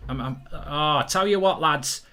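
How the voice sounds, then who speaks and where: A man's voice: on the high side, moderate pace, pushed and bright. A man voicing a boastful, rowdy young male football fan at a bar, who brags in a laddish, show-off way. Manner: cocky, laddish, show-off bragging.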